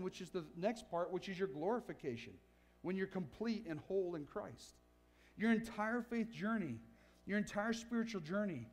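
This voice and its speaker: A man's voice: high voice, darkish tone. A pastor preaching a sermon in church, earnest and emphatic, often checking in with his listeners. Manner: earnest, emphatic preaching with frequent "right?" asides.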